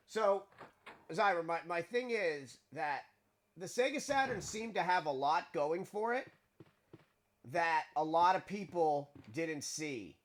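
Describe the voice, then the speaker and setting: A man's voice: fairly high pitch, expressive, takes it slowly, fairly bright tone. A man streaming a game live and chatting casually, rambling and restarting his words as he talks. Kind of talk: casual chat while playing a game.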